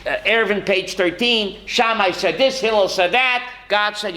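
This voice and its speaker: A man's voice: high-pitched, normal speed, bright, forceful tone, rough recording. A man, a rabbi, teaching a Torah class to students, calling on them by name and quoting Hebrew sources.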